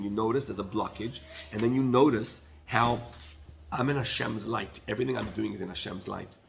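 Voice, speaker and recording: A man's voice: medium pitch, creaky, fairly bright tone, a little hiss or hum. A man giving a sermon as a rabbi, impassioned and full of rhetorical questions, dropping in Hebrew terms.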